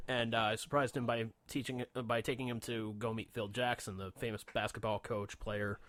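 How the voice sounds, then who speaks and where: A man's voice: mid-range voice, flat delivery, moderate pace, a bit bright. A man co-hosting a radio show, telling a long story in a casual, rambling way, with frequent swearing and fillers.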